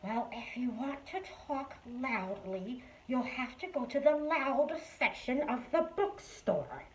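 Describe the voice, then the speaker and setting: A woman voicing a soft-spoken, firm bookstore keeper who talks in a quiet, matter-of-fact way. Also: high-pitched, expressive, slow, echoey room, muffled recording, a little hiss or hum. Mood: calm, firm.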